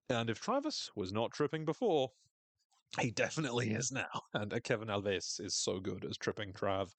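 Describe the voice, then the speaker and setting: A man in the middle of his range, talking through a TV episode with lively enthusiasm and casual swearing. He keeps slipping into little voices for the characters he quotes. The sound is close and dry, with no room around it. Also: fairly low pitch, moderate pace, no echo. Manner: enthusiastic, swears freely, acts out quoted lines in shifting voices. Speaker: podcast host recapping a TV episode. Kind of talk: casual recap chat.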